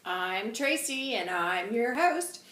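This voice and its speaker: A woman's voice: a little high, lively intonation, slow, fairly bright tone. A woman hosting a channelling show, chatting casually in a rambling way while chewing gum, her throat dry and sore. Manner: chatty, rambling, self-deprecating. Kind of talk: casual spiritual reading chat. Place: room at home by a window. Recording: roomy, distant mic with faint noise.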